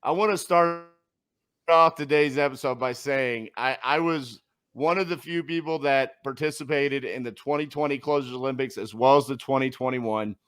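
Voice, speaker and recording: A man's voice: medium pitch, moderate pace, a bit bright, smooth. A man hosting a casual interview podcast, talking in an upbeat, enthusiastic way. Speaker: podcast host.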